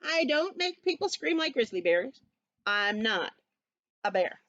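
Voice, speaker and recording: A cross little male koala from a storybook, as a woman reads him aloud, griping that everyone keeps calling him a bear. His voice sits high, swoops up and down, and his complaints come slowly. The sound is dull and lo-fi, recorded close and dry. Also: big pitch swings, fairly bright tone, dry recording. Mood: indignant. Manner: indignant, complaining. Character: grumpy male koala fed up with being called a bear.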